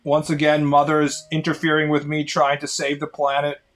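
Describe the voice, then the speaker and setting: A man's voice: on the high side, monotone, normal speed, a bit bright. A man chatting casually on a live stream in a sardonic, rambling way.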